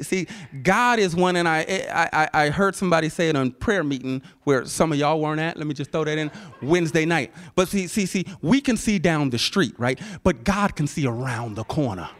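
A man preaching a sermon, swinging between shouted peaks and hushed whispers and repeating words for emphasis. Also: on the high side. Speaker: pastor.

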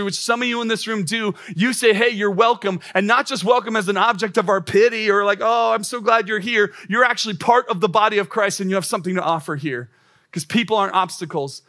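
Emphatic male pastor, bright high voice. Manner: emphatic, repetitive preaching with rising exclamations. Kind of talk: sermon. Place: church auditorium.

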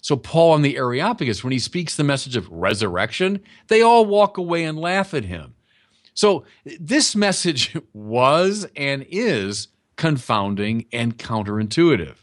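A man's voice: medium pitch, very animated, measured pace. A man preaching a sermon in a conversational, emphatic teaching manner, often speaking straight to his listeners.

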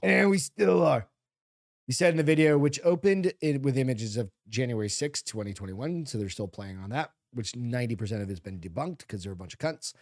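A man co-hosting a podcast with blunt, profane banter and crude jokes. His voice sits at a middle pitch, recorded close and dry. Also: animated, a little fast, hardly any pauses, darkish tone, no room sound. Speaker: podcast co-host. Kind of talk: casual chat.

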